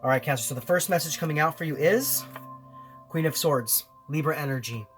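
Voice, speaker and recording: A man with a fairly high-pitched voice gives a weekly tarot reading straight to the listener. He speaks in an earnest, encouraging way and leans on repetition to drive his points home. Soft music plays faintly beneath him. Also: brisk. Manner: earnest, encouraging, repeats phrases for emphasis. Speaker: tarot reader.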